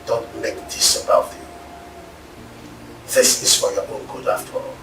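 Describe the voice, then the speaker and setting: A man's voice: noisy background, natural voice. An actor playing a stern, commanding father who forces his daughter to marry, with a Nigerian accent. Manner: cold, commanding, measured. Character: stern wealthy father forcing a daughter's marriage. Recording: roomy echo, heard from a distance, music behind.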